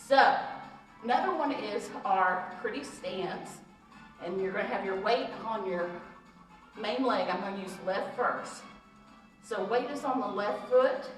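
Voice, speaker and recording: A woman instructor leads a belly-dance cardio class, calling out counts and cues at an unhurried pace while she moves. Her voice comes from some distance in a very echoey room. Faint music plays underneath. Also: mid-range voice, a bit bright. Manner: jokey asides with laughs. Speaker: fitness instructor. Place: recreation center room.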